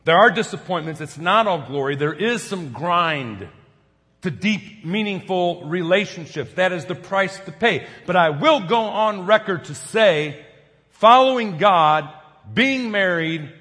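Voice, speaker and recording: A middle-aged man preaching a sermon, telling stories and swinging from soft, quiet passages to loud, emphatic peaks. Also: high-pitched, animated, measured pace, in a large hall. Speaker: pastor.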